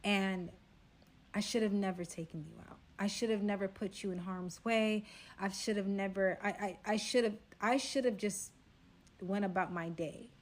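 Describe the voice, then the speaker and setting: A remorseful young man on the run, as a woman storyteller quotes him, talks quietly and earnestly and rambles through his apologies. His voice stays soft and low-key. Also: moderate pace, close to an everyday voice. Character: apologetic young male fugitive, soft-spoken.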